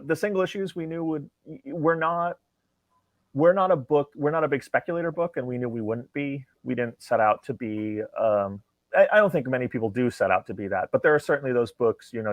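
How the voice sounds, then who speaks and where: A man's voice: medium pitch, no echo. A man tells anecdotes as an interview guest, slipping into other voices for quoted lines. The recording is dry and a bit muffled. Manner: animated, acts out quoted dialogue. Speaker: comic writer guest. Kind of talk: conversational storytelling interview.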